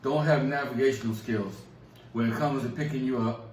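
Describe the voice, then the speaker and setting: A man's voice: medium pitch, normal speed, a little hiss or hum. Laid-back man, distant in an echoey room. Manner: laughs often, relaxed and repetitive. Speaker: co-host. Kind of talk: casual chat.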